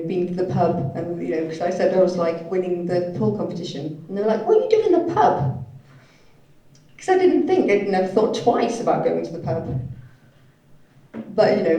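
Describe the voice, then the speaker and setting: A woman voicing a deaf presenter's talk at a conference, halting and hedging with many "sort of" and "you know" fillers. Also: lowish voice, dark tone. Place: large conference hall. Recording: echoey hall from a distant mic.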